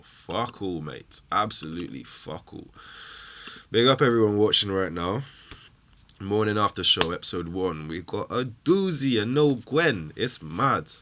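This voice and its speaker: Male fan-show host, low-pitched and bright, angry emotional ranting. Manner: angry, swearing, emphatic rant.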